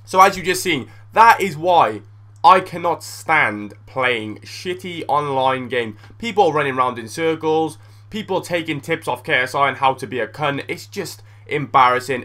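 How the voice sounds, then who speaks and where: Excitable young gamer, bright voice. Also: male voice, fairly high pitch. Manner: blunt, excitable, swears freely. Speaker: gaming YouTuber. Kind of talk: casual gameplay commentary.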